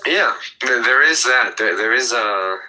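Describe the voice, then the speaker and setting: A man calling in to a talk show, speaking hesitantly with many pauses and restarts. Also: mid-range voice, expressive, sharp tone, poor audio. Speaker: room moderator and regular caller. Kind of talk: casual call-in discussion.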